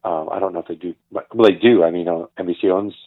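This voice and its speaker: Deep-voiced older man on a phone-like line. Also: quick pace, dry recording. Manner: animated storyteller who acts out the people he quotes. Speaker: guest, actor and producer. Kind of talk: casual storytelling interview. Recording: tinny phone-like line, dry.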